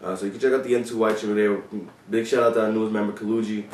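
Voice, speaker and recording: A man's voice: on the low side, little pitch movement, rapid-fire, a little mellow, recorded from a distance. A man who is a former police officer tells stories in a casual, loose vlog style. He swears freely and fills his talk with "you know" and "like.". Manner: loose and profane, with many fillers. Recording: roomy sound from away from the mic.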